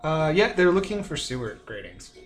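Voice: mid-range voice, very animated, normal speed, faint music behind. A game master narrating a tabletop game, amused and laughing often.

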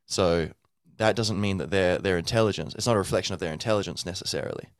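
A man hosts a podcast in a loose, rambling monologue full of fillers, sounding tired from lack of sleep. His voice is low and fast, captured with clean studio sound and no echo.

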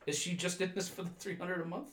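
A man's voice: high voice, fairly even intonation, fast, fairly bright tone, echoey room. A man hosting a podcast, chatting playfully and reading out listener mail. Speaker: podcast host. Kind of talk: casual chat.

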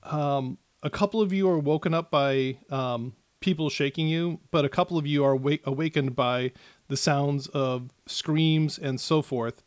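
A man narrating as game master of a tabletop game, with many pauses and restarts. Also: a little high, smooth, no room sound. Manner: hesitant, many fillers and restarts.

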